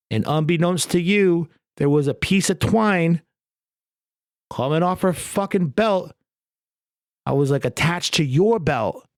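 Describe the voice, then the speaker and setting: A man's voice: fairly high pitch, no echo, studio quality. A man hosting a podcast on his own, talking in a rambling, jokey way with lots of swearing. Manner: rambling, profane, jokey rants. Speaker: podcast host. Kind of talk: casual solo podcast chat.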